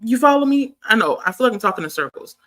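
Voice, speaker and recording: A woman's voice: fairly high pitch, lively intonation, quick pace, fairly bright tone. A woman hosting a casual livestream, chatting to viewers and reading their comments aloud, laughing often as she talks. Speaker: livestream host.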